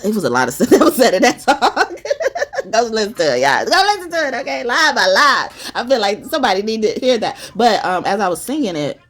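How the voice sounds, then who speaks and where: A woman's voice: a little high, huge pitch swings, brisk, fairly bright tone. A woman gives a spiritual tarot reading in a loose, chatty way. She is blunt and emphatic, swears without a second thought, and keeps tossing "okay?" at her listeners. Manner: loose and chatty with many fillers. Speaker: tarot reader. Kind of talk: casual spiritual reading chat.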